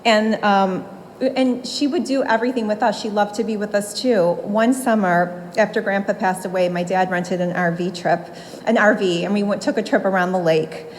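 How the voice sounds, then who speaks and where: A woman's voice: mid-range voice, fairly even intonation, moderate pace, slight background noise, rough recording. A woman in her forties giving a eulogy for her grandmother in a funeral home room, telling fond stories and laughing between memories.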